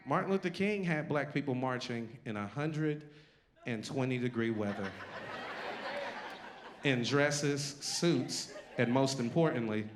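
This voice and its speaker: A male stand-up comedian performing a live set with a brash, punchy, conversational delivery. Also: mid-range voice. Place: live comedy venue with an audience.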